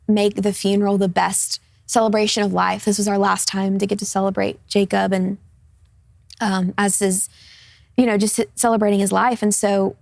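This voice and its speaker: Gravelly young woman sharing a testimony. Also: mid-range voice, level tone, moderate pace, dry recording, clean studio sound. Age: 20s. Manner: earnest, casual, with frequent fillers. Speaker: guest. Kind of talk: personal testimony in a studio interview.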